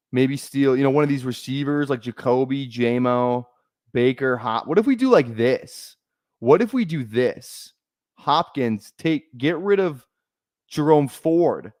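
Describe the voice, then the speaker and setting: Casual male streamer thinking aloud, mid-pitched, dry close mic. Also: dry recording. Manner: thinking aloud, rambling, many fillers. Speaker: fantasy football streamer. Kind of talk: casual live-stream commentary.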